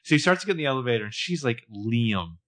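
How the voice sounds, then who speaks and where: A man's voice: medium pitch, lively intonation, quick pace, fairly bright tone. A man co-hosting a podcast, casually recapping a TV episode and jokingly acting out characters' lines. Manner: jokey, acts out characters' lines in passing. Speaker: podcast co-host.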